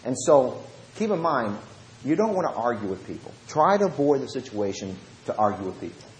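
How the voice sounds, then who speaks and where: A man with a Southern US accent, a preacher telling lively stories from Bible studies and switching between fast talk and slow, low speech. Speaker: preacher and Bible study teacher. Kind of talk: storytelling lesson. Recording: roomy echo.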